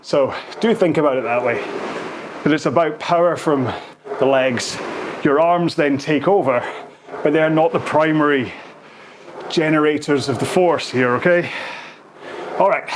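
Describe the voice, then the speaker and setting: Breathless male rowing coach, noisy backdrop. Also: a little high. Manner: encouraging, counts strokes aloud while rowing. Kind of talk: follow-along workout coaching.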